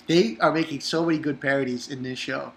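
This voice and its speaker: An anime reviewer recapping an episode in a rambling, casual way, swearing and using lots of fillers. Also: mid-range voice. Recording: roomy echo.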